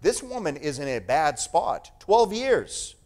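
A male preacher delivering a sermon, emphatic and animated, repeating phrases for effect. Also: on the high side, slow.

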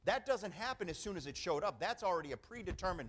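A man's voice: high voice, expressive, fast, fairly bright tone. A middle-aged man preaching a sermon as pastor, emphatic and conversational, often calling for an "amen" from the congregation.

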